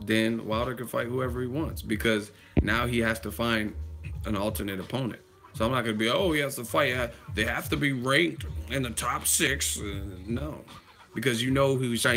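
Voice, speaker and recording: A man vlogging casual boxing commentary in a brash, trash-talking way, laughing often. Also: lowish voice. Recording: music playing underneath.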